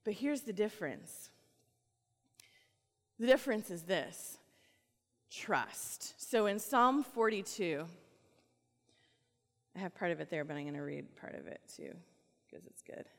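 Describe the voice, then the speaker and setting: A woman pastor preaching a sermon in a casual, conversational way, rising to animated reading and dropping to soft, hushed lines. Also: medium pitch, unhurried, gravelly, long pauses, long reverb tail.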